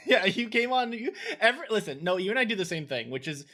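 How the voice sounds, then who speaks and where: A man co-hosting a podcast in casual chat, good-natured and quick to laugh. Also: high voice, big pitch swings, pushed and bright. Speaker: podcast co-host.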